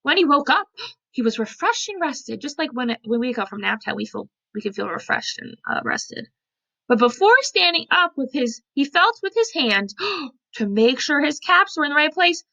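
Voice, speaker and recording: A woman preschool teacher reading a picture book aloud to young children, animated and often asking them questions, on a computer mic. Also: high-pitched, moderate pace, creaky. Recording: lo-fi computer recording.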